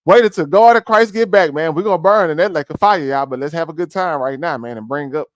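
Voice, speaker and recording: A man's voice: a little high, fast, dry recording, clean studio sound, close to an everyday voice. A man voicing a smug male churchman who talks in a lazy, conspiratorial drawl.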